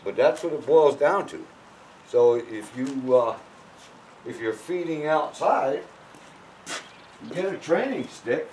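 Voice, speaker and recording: Speaking slowly and pausing often, a man gives casual advice on training horses. His delivery is blunt and emphatic, full of restarted sentences, and he lurches from low mutters to loud bursts with plenty of energy. The recording is rough, with slight background noise.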